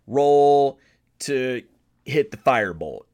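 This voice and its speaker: An American man hosting a podcast, telling stories in a casual comedic monologue, animated and profane, jumping from loud excitement to mumbled asides. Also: medium pitch, takes it slowly. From United States. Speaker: podcast host.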